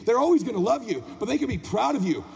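A man's voice: very high voice, sing-song, quick pace, vocal fry. A man giving an impassioned motivational speech from a convention stage, pressing the crowd with questions. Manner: impassioned, preaching to the crowd, asks the room questions. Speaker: motivational speaker. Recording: long reverb of a convention hall.

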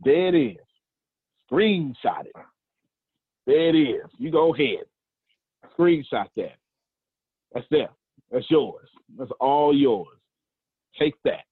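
Husky Southern American man preaching on a call. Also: medium pitch, no room sound. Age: 40s. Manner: animated, preachy, repeats phrases, talks to the group. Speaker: host of a coaching call. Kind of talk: motivational group call. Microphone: video call. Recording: tinny phone-like call audio.

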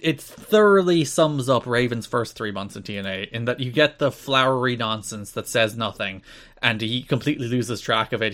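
A man co-hosting a podcast, chatting casually and animatedly, laughing often. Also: mid-range voice. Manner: animated, laughing, frequent restarts. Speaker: podcast co-host. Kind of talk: casual chat.

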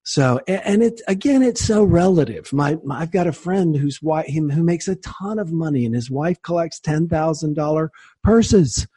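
Guest, male, husky voice sitting a bit high, emphatic storyteller, dry close sound. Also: expressive, moderate pace, warm tone, dry recording. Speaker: guest author. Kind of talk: conversational interview.

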